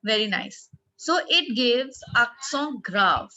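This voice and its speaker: A woman with an Indian English accent teaching a French class online, explaining slowly and quizzing her pupils. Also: a little high, bright, forceful tone, dull audio. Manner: slow, explanatory, asks the class questions.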